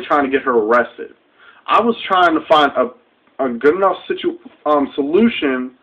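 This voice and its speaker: A man's voice: on the high side, breathy edge. A young man ranting straight to camera, heated, profane and confrontational, in a dull lo-fi webcam recording. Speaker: vlogger. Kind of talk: direct-to-camera rant.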